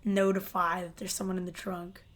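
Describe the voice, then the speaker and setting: A woman's voice: lowish voice, little pitch movement, moderate pace. A young woman co-hosting a podcast, chatting loosely with many fillers and easy giggles. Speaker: podcast co-host. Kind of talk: casual chat.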